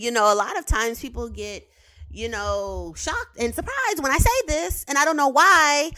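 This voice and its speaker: Her voice sits high and fairly bright as this woman, who works with clients in the behavioral sciences, rants in a casual, heated way. She swears freely and repeats words to drive her points home.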